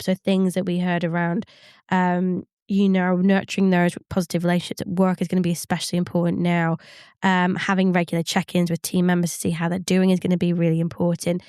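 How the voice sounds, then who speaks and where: Clear-voiced woman explaining calmly. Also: lowish voice, no room sound, clean studio sound. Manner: measured, explanatory, with frequent fillers. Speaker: psychologist co-host. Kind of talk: podcast advice chat.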